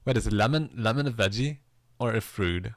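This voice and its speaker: Chatting casually with viewers on his livestream, a musician is playful and self-mocking, laughing whenever he stumbles. He talks on the low side at a normal speed, with no room sound.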